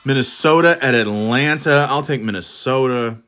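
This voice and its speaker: A man's voice: mid-range voice, moderate pace, a bit bright, soft background music. A man rambling casually through his football picks, swearing and mocking himself, with many restarts. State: throat irritated, clearing it. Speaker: podcast host giving football picks.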